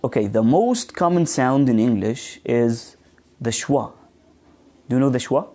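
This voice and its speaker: Slow, mellow-voiced man teaching. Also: mid-range voice, expressive. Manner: slow, hesitant, with many fillers and restarts; models words slowly and asks students questions. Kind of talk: live online pronunciation class.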